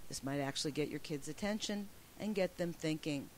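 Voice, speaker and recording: A woman's voice: low-pitched, a little fast, hardly any pauses, a little mellow. A woman presenting a teacher training webinar, upbeat and emphatic as she walks through slides. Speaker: professional development trainer.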